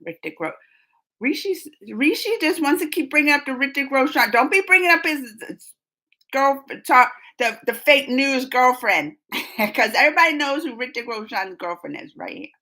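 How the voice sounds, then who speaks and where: A woman's voice: sits high, expressive, moderate pace, sharp tone, rough recording. A woman hosting a live stream, chatting casually and emotionally while reading viewer comments, laughing often.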